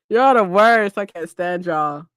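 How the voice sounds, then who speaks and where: A woman's voice: medium pitch, wildly swooping pitch, slow, fairly bright tone, no room sound, studio quality. A woman hosting a reading livestream, chatting casually with her viewers, laughing often and teasing them. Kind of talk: casual chat with live chat viewers.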